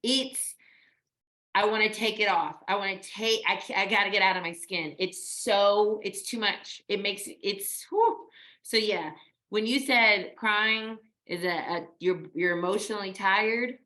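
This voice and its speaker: A woman's voice: medium pitch, a little slow, bright, forceful tone. A woman co-hosting a podcast in casual spiritual chat, emphatic and blunt, swearing casually. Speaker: podcast co-host.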